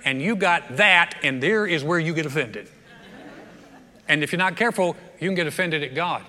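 High, bright, animated preacher man. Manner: animated storytelling, humorous asides. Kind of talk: sermon. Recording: long reverb of a big hall.

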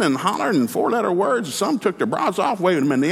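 Animated folksy preacher in a big hall. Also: male voice, high voice, brisk, slight background noise. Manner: folksy, animated storyteller acting out both sides of dialogues. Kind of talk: sermon with storytelling.

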